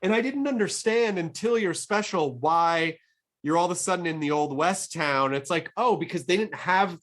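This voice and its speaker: During a casual interview chat, a middle-aged podcast host talks eagerly, wandering through his thoughts and often starting over. He speaks at a normal speed in a high, fairly bright voice.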